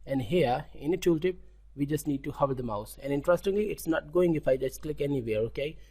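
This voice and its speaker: Indian-accented man teaching code, halting. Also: on the high side, expressive, darkish tone. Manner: halting, self-correcting, repeats words, frequent "okay?". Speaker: coding tutor. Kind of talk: screen-recorded coding tutorial.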